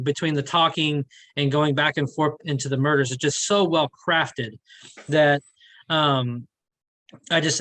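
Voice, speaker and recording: A man's voice: on the high side, fairly bright tone. A man hosting a casual film review chat, talking enthusiastically and often saying "to me". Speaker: film review show host.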